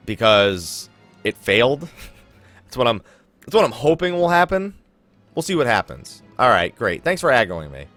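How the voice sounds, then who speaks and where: A young man hosting a let's play, commentating his gameplay in an animated, chuckling, self-mocking way, with faint game music behind him. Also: medium pitch. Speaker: gaming channel host.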